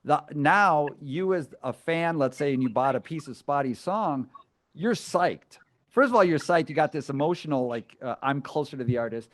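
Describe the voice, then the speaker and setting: A man's voice: a little high, animated, normal speed. A man hosting an interview, talking enthusiastically with strong emphasis and frequent restarts. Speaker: interview host. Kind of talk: conversational interview.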